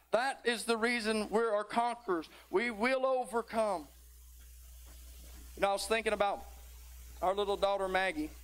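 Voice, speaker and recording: High-voiced preacher. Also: male voice, fairly bright tone. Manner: folksy, with rising fervent exhortation; tired near the end. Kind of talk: sermon.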